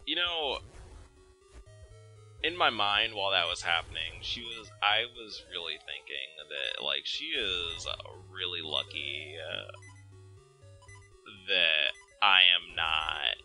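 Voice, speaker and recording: A young man with a low, gravelly voice rants through casual gameplay commentary, swearing freely. His tone is sharp and forceful. Faint game music plays underneath. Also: animated, takes it slowly, poor audio. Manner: profane, ranting venting. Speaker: let's play host.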